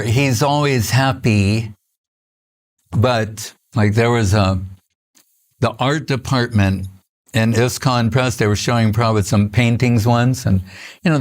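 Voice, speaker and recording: An older man gives a relaxed spiritual talk and drifts from story to story. His voice sits at an ordinary middle pitch, and he often breaks off mid-phrase to restart. Soft chuckles run through his storytelling. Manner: conversational storytelling with frequent restarts and soft laughs. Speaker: spiritual teacher. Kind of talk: informal spiritual lecture.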